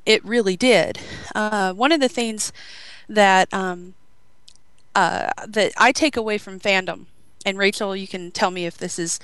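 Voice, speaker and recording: Woman radio host, chatty and bubbly, smooth clear voice, dry close sound; casual, filler-heavy talk. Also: mid-range voice, fairly bright tone, no echo, poor audio. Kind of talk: casual podcast chat.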